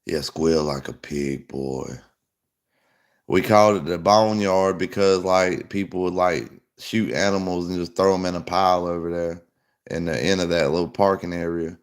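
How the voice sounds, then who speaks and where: A man's voice: low voice, steady tone, normal speed. A young man casually telling a rambling story, full of fillers. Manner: rambling, loose, lots of fillers. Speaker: podcast host.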